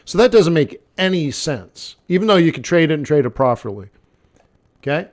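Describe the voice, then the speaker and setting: Guy doing live forex trading commentary, blunt, keeps saying okay and like, voice on the higher side. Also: sing-song, moderate pace. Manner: conversational, repeats phrases, many "okay" and "like" fillers; blunt, talks straight to the viewer.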